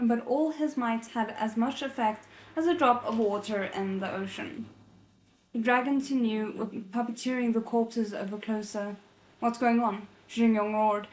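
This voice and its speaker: A woman reads a novel aloud for a readalong. Her voice sits a little high, and she often stops to correct a word. She cuts in with amused comments on the story. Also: a little mellow, low-quality recording. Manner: reads aloud with laughing off-script asides and self-corrections. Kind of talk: casual novel readalong with asides.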